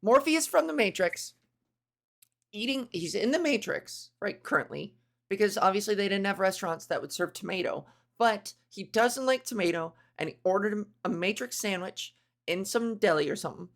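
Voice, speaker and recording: Lady comic rambling on her podcast, swears a lot, keeps interrupting herself, kinda gravelly fry voice. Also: medium pitch, lively intonation, a little fast. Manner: rambling, profane, self-interrupting. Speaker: comedian podcast host. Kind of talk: rambling comedic podcast monologue.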